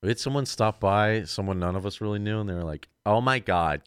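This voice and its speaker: Low-voiced laid-back podcast guy. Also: brisk, hardly any pauses, clean tone, no room sound, clean studio sound. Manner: laid-back, loose storytelling with quoted voices. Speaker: podcast co-host. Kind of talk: casual chat.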